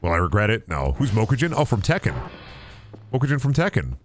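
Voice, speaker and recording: A man streaming a game live, swearing a lot and talking straight to his chat in an excitable, rambling way. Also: on the low side, fairly quick, slight background noise. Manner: profane, excitable, talks to chat. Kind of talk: casual live-stream commentary.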